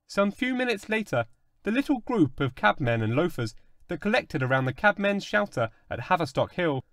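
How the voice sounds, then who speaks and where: A male narrator giving an expressive, dramatic reading of a classic story. His voice sits fairly high for a man and rises and falls widely. The recording is dry and close, with no room echo. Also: normal speed. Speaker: audiobook narrator.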